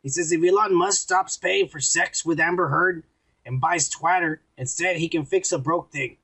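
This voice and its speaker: A man's voice: fairly high pitch, moderate pace, bright, forceful tone, breathy edge. A man co-hosting a casual drinking podcast, profane and rowdy, reading out viewer comments.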